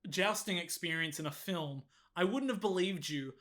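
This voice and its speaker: Bright high-voiced man riffing on a podcast. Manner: joking, quick to put on silly voices and laugh. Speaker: podcast co-host. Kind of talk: casual comedic film recap.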